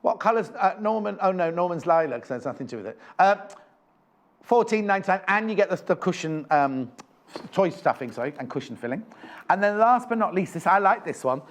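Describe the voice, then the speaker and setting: A man's voice: sits high, expressive, brisk. Chatty man selling craft kits. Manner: chatty, enthusiastic, rambling with self-corrections. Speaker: shopping channel presenter. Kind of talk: live TV sales presentation.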